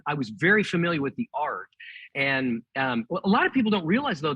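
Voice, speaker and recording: Middle-aged Texan man, interview guest, chatty and laughing, bright, husky tone. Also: medium pitch, dry recording, rough recording. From Texas. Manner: chatty, laughs often, many restarts. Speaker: guest ventriloquist. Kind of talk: casual interview chat.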